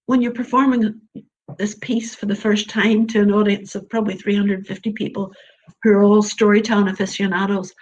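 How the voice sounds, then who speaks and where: Through a muffled recording, an Irish storyteller with a mid-range voice talks as an interview guest. Earnest and emphatic, she keeps repeating her points.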